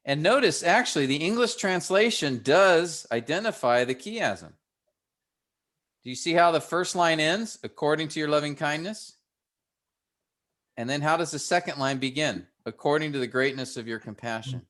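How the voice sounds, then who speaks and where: A man teaching a workshop for pastors, explaining a text step by step in an unhurried way with frequent restarts. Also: on the high side, animated, fairly bright tone. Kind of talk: relaxed classroom teaching.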